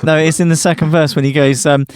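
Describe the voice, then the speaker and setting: A man's voice: on the high side, level tone, fast, smooth, no room sound. A man co-hosting a podcast, chatting casually about an album with friends and laughing easily. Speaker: podcast co-host. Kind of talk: casual music discussion.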